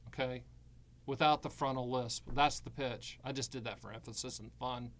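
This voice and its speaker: A man hosting a live stream on annuities, giving blunt, sarcastic and animated advice full of jokes. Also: medium pitch, normal speed.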